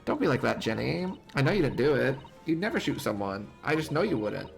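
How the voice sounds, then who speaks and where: A man voicing a kind, persistent young lawyer who pleads gently. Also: medium pitch, sing-song, brisk, creaky, soft background music. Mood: pleading. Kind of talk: reading game dialogue aloud.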